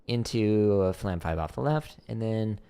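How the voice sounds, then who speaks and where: Unhurried and mellow, a man with a fairly low, smooth, expressive voice teaches drum rudiments on a home livestream. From his practice room he counts patterns aloud into a desk microphone, keeping things loose and chatty with plenty of "like" fillers.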